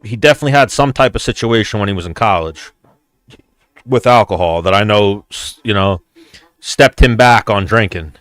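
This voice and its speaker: A man's voice: lowish voice, normal speed, fairly bright tone, no room sound. Loose, rambling man chatting dry. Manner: rambling, loose and profane, addresses viewers. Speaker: host. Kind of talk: casual fight watch-along chat.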